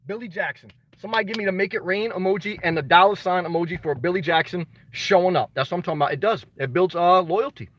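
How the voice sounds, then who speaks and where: A man's voice: sits high, quick pace, hardly any pauses, fairly bright tone, rough recording. A man hosting a motivational livestream. He talks emphatically, repeats his key phrases, calls viewers brother and swears casually. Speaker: livestream host reading viewer comments.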